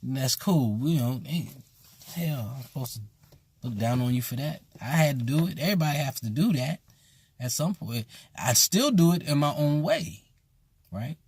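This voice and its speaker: A man's voice: medium pitch, expressive, moderate pace, a little mellow, slightly rough. A man who teaches at a voodoo temple, talking bluntly and casually with emphatic repetition. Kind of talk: casual spoken commentary.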